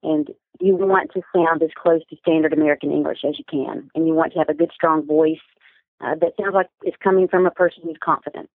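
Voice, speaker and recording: A woman coach answering interview questions in a clear, articulate, teaching manner. Her voice comes through a thin, phone-like line. The sound is dry, with no room to it. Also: sits low, fairly even intonation, no room sound. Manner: articulate, instructive, measured. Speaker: business communication coach, guest.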